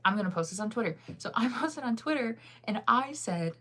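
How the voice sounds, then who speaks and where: A woman's voice: on the high side, expressive, fairly quick, a bit bright. A young woman vlogging in a casual, rambling chat, enunciating her words fully and laughing often.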